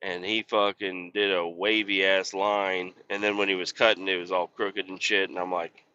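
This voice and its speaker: In a low voice with flat delivery at normal speed, a truck-driving podcast host tells rambling, profane, easygoing stories. His tone is pushed and bright, though the audio is dull with a bit of background noise.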